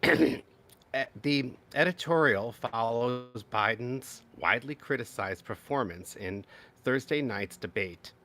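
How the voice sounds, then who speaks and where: A man hosting a live political commentary stream, his voice jumping up and down with lots of exclaiming. He sometimes slips into mocking, high-pitched impressions of other people. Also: a bit bright. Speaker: political commentary channel host.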